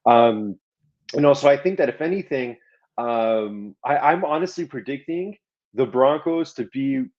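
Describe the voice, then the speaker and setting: A man's voice: mid-range voice, unhurried. A man co-hosts a casual sports podcast, rambling through his points and cursing freely whenever something annoys him. The audio is slightly dull and lo-fi. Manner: rambling, swears while ranting. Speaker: podcast co-host.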